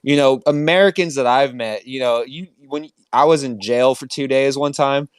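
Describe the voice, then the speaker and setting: A young man rambles through casual banter and laughs often. His voice sits at an everyday middle pitch, recorded dry and close. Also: normal speed, clean tone, dry recording. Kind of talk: casual chat.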